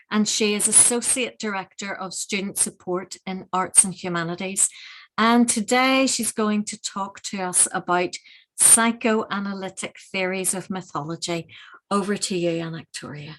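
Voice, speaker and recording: A woman opens a lecture event and introduces the guest speaker with warm, welcoming praise. Her voice sits at a middle pitch, and she speaks with a few ums along the way. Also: a little hiss or hum, rough recording. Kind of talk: formal introduction.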